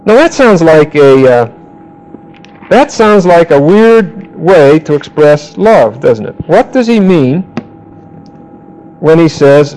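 A man leads a Bible lesson in a slightly high voice. He speaks slowly and draws out each verse he quotes. Between quotes he puts questions to the class and calls on students by name. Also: very animated, a little mellow, rough recording. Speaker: Bible teacher. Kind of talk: interactive Bible class lecture.

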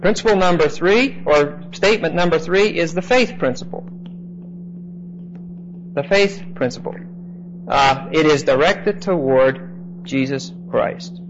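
A man's voice: fairly high pitch, measured pace, pauses often. A man preaching a teaching sermon, explaining verse by verse in an emphatic, explanatory way and often checking in with "okay?". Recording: dull lo-fi recording, faint background noise.

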